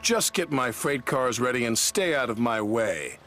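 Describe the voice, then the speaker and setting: A man's voice: mid-range voice, lively intonation, unhurried, close to an everyday voice. A man voicing a proud, vain grown male engine who talks huffily and self-importantly. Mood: huffy. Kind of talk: storybook character voice.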